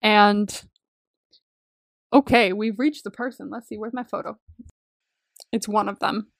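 A woman's voice: medium pitch, fairly even intonation, measured pace, dry recording, clean studio sound. A woman co-hosting a podcast, casually recapping a favorite film with lots of enthusiasm, laughter and the odd swear word. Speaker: podcast co-host. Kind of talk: casual movie recap chat.

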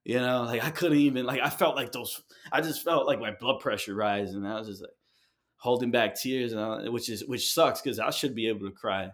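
Interview guest: a man from New York with a mid-range voice, candid and halting storyteller. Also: medium pitch, fairly bright tone. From New York City. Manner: heartfelt, halting, many fillers and restarts. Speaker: guest artist.

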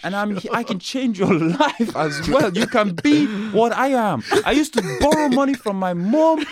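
A man's voice: high voice, sing-song, normal speed, noisy background, pitched above the performer's own voice. A man voicing a slick, boastful male recruiter selling a money scheme, pushy and salesy.

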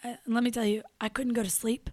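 A young adult woman co-hosting a show, telling a story in casual chat, animated and profane, acting out what people said. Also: on the high side, fairly quick, dry recording. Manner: animated, profane, acts out quotes. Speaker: radio show co-host.

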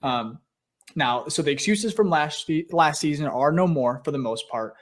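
Relaxed man hosting a sports podcast. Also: fairly high pitch, normal speed. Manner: relaxed, filler-heavy talk. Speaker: podcast host. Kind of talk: casual chat.

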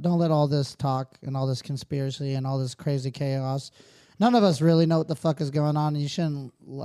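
A man's voice: medium pitch, warm tone, no echo, studio quality. A man co-hosting a podcast, joking with crude humor and then giving a loose, motivational sign-off. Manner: profane, joking, speaks in a motivational tone when wrapping up. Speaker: podcast co-host. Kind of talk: casual podcast chat.

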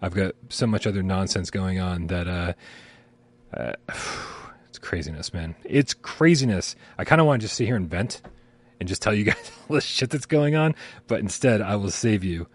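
Sirens sound outside while a man co-hosts a live gaming stream like a podcast, his low voice expressive and brisk. He rambles, swears casually and laughs often.

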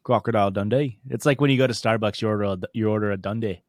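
A man's voice: fairly low pitch, racing, no room sound, clean studio sound. A man co-hosting a podcast, trading jokes and laughing often in casual banter. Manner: joking, riffing, laughs often. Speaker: podcast co-host.

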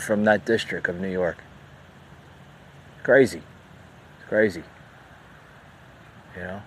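A man's voice: low-pitched, takes it slowly, pauses often, breathy edge. Heated man hosting an opinion podcast. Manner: heated, repetitive, many "you know"s. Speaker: podcast host. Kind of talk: unscripted opinion podcast rant.

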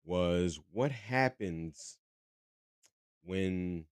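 A man's voice: sits low, drawn-out words, clean tone, no room sound, clean studio sound. A man hosting a podcast in a casual, profane monologue, rambling with many fillers and restarts and joking about a tense topic. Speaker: podcast host.

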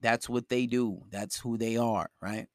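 A man's voice: mid-range voice, fairly even intonation, unhurried, a little mellow, no room sound, clean studio sound. A man giving blunt, profane relationship advice in a lecturing monologue.

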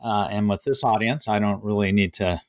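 Low-voiced male author, dry recording. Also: no echo. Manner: measured, pausing often between thoughts. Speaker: author discussing his book. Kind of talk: book reading, then reflective talk.

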